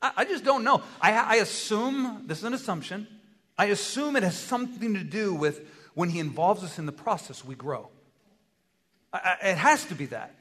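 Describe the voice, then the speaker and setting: A man preaching a sermon as pastor, animated, acting out dialogue and asking his listeners rhetorical questions. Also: high-pitched, normal speed. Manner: animated, acts out dialogue with God in varied voices; asks the congregation rhetorical questions. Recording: long hall reverb.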